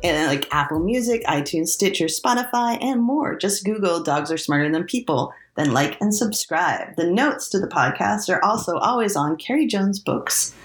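A woman's voice: lowish voice, animated, moderate pace, hardly any pauses, roomy sound. A woman co-hosting a podcast in casual chat, teasing her partner and laughing often. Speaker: podcast co-host.

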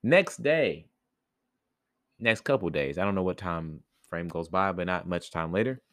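A man's voice: low-pitched, animated, unhurried, fairly bright tone, no echo, clean studio sound. A man casually retelling a fairy tale for a podcast, rambling and slangy with many fillers. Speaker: podcast storyteller.

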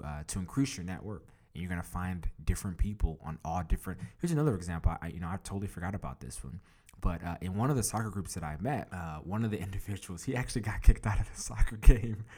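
Deep-voiced man telling a podcast story. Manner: chatty, animated, acts out quoted dialogue; many fillers and restarts. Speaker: podcast host. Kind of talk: casual storytelling advice.

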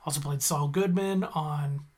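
A man's voice: on the high side, measured pace, a little mellow. A man hosting a podcast who chats casually through an episode recap, wandering off on tangents and correcting himself as he goes. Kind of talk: casual chat.

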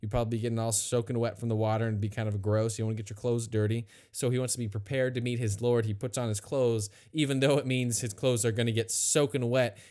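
A man teaching a Bible passage in a casual, conversational way, retelling the story with lively asides. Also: medium pitch, quick pace, few pauses. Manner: conversational, animated retelling with acted quotes. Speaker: pastor.

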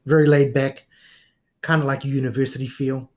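Middle-aged New Zealand man, relaxed guest storyteller, mid-range voice. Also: medium pitch, fairly quick. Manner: relaxed storyteller, frequent fillers and laughs. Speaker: guest police officer. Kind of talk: casual interview chat.

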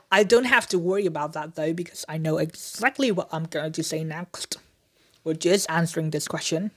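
A podcast host answering listener questions in an improvised, unedited one-take solo episode, filling pauses with "um" and correcting themself. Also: medium pitch. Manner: frequent "um" fillers and self-corrections; chatty, self-deprecating with small laughs.

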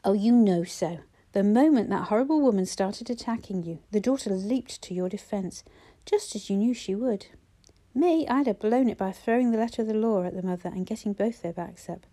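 A woman's voice: medium pitch, moderate pace, dark tone, natural voice. A woman voicing a wry, teasing female teacher.

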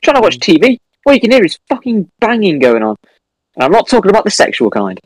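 A man's voice: high-pitched, fast, dry recording, rough recording. A young man co-hosting a casual podcast, ranting and swearing a lot. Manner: animated ranting, heavy swearing. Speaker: podcast co-host. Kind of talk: casual chat. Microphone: home computer mic over a voice call.

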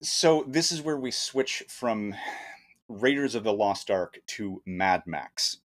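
A man's voice: on the low side, slow pace, a bit bright. Incredulous man reading from his notes. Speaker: podcast co-host. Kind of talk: casual movie-riffing chat.

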